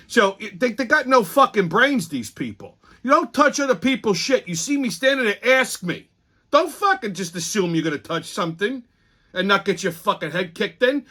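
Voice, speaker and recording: A man's voice: sits high, fairly bright tone. A man, hosting a casual monologue, telling blunt, profane stories full of quoted arguments. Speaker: host.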